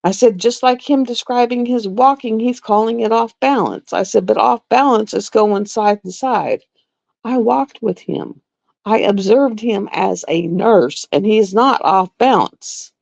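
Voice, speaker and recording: A woman's voice: on the high side, a little slow, gravelly, darkish tone, dry recording. A middle-aged woman, a nurse, chatting bluntly and with exasperation on a casual live stream. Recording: dull lo-fi dry live-stream audio.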